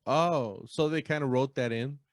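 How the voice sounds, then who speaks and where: A man co-hosting a podcast, chatting casually and easygoingly, mostly in short replies with halting restarts. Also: medium pitch, no room sound. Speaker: podcast co-host. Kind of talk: casual chat.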